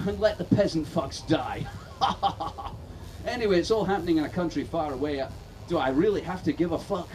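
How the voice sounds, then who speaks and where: Male stand-up, sardonic and profane, higher voice, live festival set miked from afar. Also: recorded from a distance, background noise. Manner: sardonic, profane, building to shouts. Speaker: stand-up comedian. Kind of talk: satirical stand-up rant. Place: outdoor festival stage.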